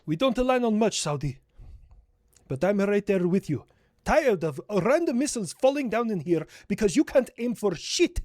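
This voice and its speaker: Man as an aggrieved nation character, accusing, lively pitch, dry sound. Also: moderate pace, dry recording. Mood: indignant. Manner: indignant, accusing.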